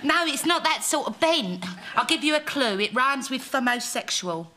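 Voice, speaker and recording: A woman's voice: high voice, expressive, moderate pace, bright, forceful tone, a little hiss or hum. An actress playing a daft, dreamy woman, giddy and scatterbrained. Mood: chatty.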